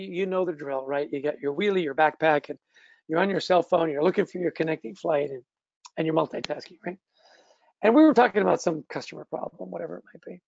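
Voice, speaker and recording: A middle-aged man giving a motivational webinar talk. He tells stories in a lively way and keeps checking in with "right?". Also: sits high, vocal fry, no echo, muffled recording. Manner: lively storytelling, often asks "right?". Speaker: speaker on leadership.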